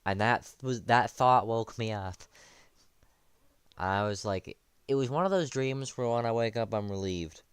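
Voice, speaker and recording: A man's voice: medium pitch, measured pace, clean tone, no echo. A young man streaming early in the morning, tired with a morning voice, rambling and correcting himself as he tells a story. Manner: rambling, self-correcting, sleepy.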